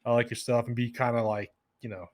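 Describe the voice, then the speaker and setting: A man's voice: medium pitch, little pitch movement, quick pace. Rambling young man, casual guest chat. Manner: rambling, frequent fillers and restarts.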